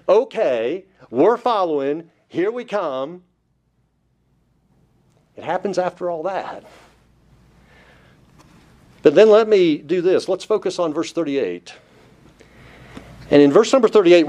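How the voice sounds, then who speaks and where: A man's voice: fairly high pitch, a little mellow. A man preaching a Bible-study sermon, emphatic, with rhetorical questions put to listeners. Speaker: pastor.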